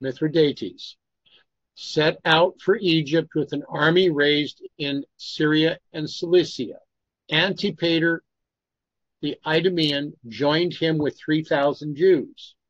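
A man's voice: a little high, slow pace, no room sound, highs cut off. A man reading a history text aloud in a Bible study and stopping to remark on pronunciation. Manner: steady reading, stops to comment on pronunciation.

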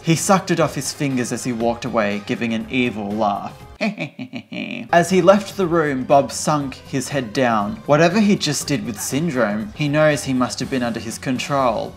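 A man reads fan fiction aloud in an ordinary mid-range voice. His tone is casual, with sarcastic asides to viewers, over faint background music. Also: medium pitch. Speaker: fan fiction reader, channel host.

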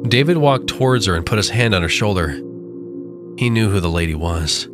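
A man narrating a first-person horror story with a dramatic, drawn-out delivery. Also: lowish voice, animated. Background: faint music.

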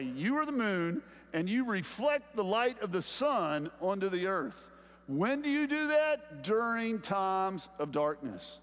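Southern male pastor with a high voice, conversational preaching, slows for emphasis, long church-hall reverb. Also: a bit bright. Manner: conversational preaching, slowing down to stress key phrases. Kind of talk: sermon. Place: large church sanctuary.

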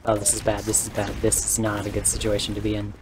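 A man with a hoarse, worn-down voice gives rambling, excitable live commentary while streaming a game from his room. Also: on the low side, quick pace, heavy background noise. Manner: rambling and excitable, joking and laughing. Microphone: desk microphone.

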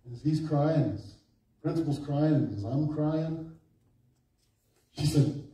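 Man, pastor, sermon, high voice, mellow tone, slow emphatic preaching, hushed storytelling, echoey church hall, distant mic. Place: church sanctuary.

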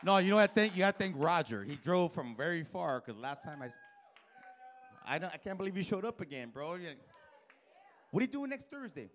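A male stand-up comedian doing a live club set, profane and animated, acting out characters and bursting into loud shouts. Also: high-pitched, brisk, slight background noise. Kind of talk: live stand-up with crowd work.

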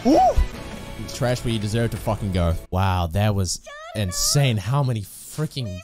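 A man hosting an anime reaction video, reacting with loud, swearing outbursts and shouts. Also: on the low side, moderate pace, over music. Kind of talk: excited reaction commentary.

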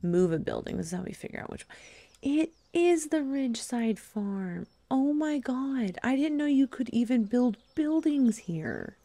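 Playing through a game for her let's play, this excitable host thinks out loud, lets out exclamations and addresses her audience directly in a casual way. She speaks a bit slowly in a voice that sits high, and there's no room sound.

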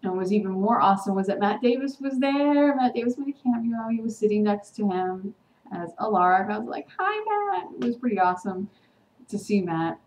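A woman of medium pitch and darkish tone recaps a TV episode at a brisk clip in her casual vlog. She grows heated and indignant, dropping into sarcastic impressions now and then, recorded in an echoey room with faint ambient noise.

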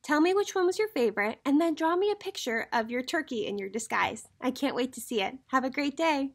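A teacher reads a picture book aloud to young children and keeps turning to talk with them. Her voice is high and very animated, rising and falling as she tells the story. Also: fairly quick. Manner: animated storybook reading, addressing kids directly.

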